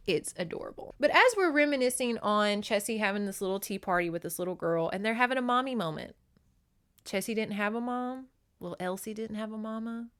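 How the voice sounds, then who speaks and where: A woman podcast host casually recapping a novel, animated, acting out the characters in quick put-on voices and laughing often, close to a desk microphone. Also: mid-range voice.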